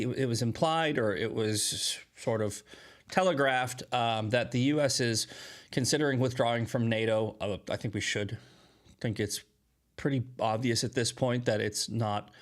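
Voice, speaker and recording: A man hosting a casual live-stream commentary, rambling and blunt, often jumping into loud, high mocking voices. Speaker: political commentary host.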